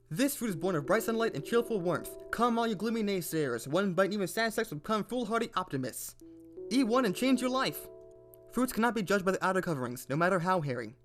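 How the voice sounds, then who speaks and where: A man narrating a video in a casual, partly unscripted read of game text, playful and rambling, often stumbling and correcting himself. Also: high voice.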